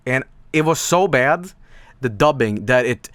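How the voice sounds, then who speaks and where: A man's voice: mid-range voice, expressive, moderate pace, a bit bright, no room sound. A man chatting casually on a stream, rambling with lots of fillers and restarts and swearing now and then.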